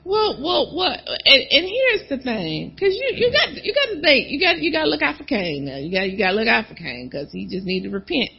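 A woman preaching a sermon, talking straight to the congregation and pausing for replies. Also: high voice, creaky, slightly rough, muffled recording. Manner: animated, calls out to the congregation.

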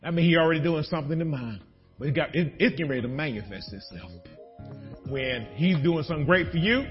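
A man preaching a sermon as pastor, animated, breaking into shouts of joy. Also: on the high side, fast, dull audio, faint music behind.

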